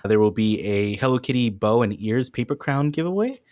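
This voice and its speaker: A man co-hosting a casual podcast, relaxed and chuckling as he runs through event details. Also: mid-range voice, brisk, no room sound, studio quality. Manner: laid-back, chuckling, reads event details. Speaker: podcast co-host. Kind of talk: casual chat.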